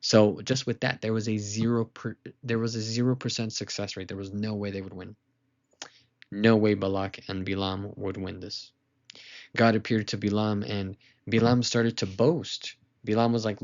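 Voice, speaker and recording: A man teaching a weekly lesson to children, retelling a story in a lively, casual way with asides to listeners. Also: lowish voice, normal speed, highs cut off.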